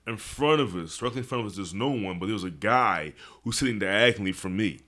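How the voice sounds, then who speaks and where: A man with a very low voice hosts a podcast and talks in a relaxed, slangy way. He tells his own story at an unhurried pace. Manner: laid-back, slangy storyteller. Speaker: podcast host. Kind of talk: casual chat.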